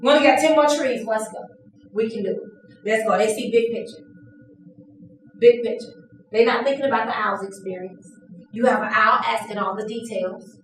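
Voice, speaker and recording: A woman trainer leading an interactive classroom lesson, lively and playful, acting out examples. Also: a little high, moderate pace, pauses often, slight background noise. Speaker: workshop trainer. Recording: echoey room from a distance.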